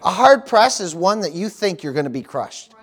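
A man's voice: high voice, big pitch swings, normal speed, fairly bright tone, husky. A middle-aged man from the United States preaching a sermon as pastor, peppering his talk with "praise the Lord" and "amen.".

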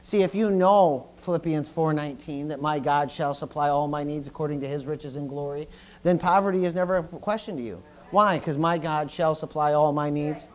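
A middle-aged man preaches from the pulpit in a voice pitched a little higher than most men's. He stumbles and repeats words as he goes, swinging from loud bursts to quiet asides. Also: moderate pace. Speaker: pastor. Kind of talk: sermon.

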